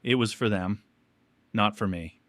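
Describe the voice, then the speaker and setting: A man reading a scornful young sister, sneering and dismissive, in a low, dry voice. She brushes off blame flatly. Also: unhurried, no room sound.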